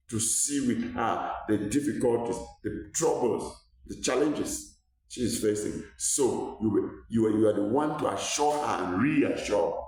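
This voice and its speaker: A man's voice: lowish voice, a little mellow, far from the mic. A man from Cameroon, a doctor giving an earnest health talk to viewers, repeating words as he searches for them and rising when he stresses a point. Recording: echoey room, voice from off-mic.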